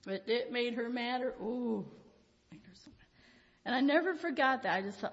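A woman's voice: a little high, expressive, normal speed, vocal fry. An older woman giving an informal Christian devotional talk, telling rambling, folksy personal stories with frequent chuckles. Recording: reverberant hall, dull lo-fi sound.

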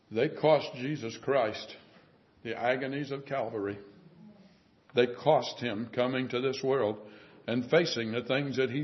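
A man preaches with earnest fervor, his slightly high voice swelling loud and then sinking low. The recording is muffled and lo-fi. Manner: earnest, rising to fervent swells and dropping to quiet. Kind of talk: sermon. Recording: dull lo-fi recording.

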